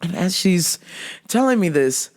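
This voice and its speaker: A woman in her thirties hosting a podcast, telling a story in a casual, animated way, laughing often and swearing freely. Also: lowish voice, a little slow. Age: 30s. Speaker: podcast host.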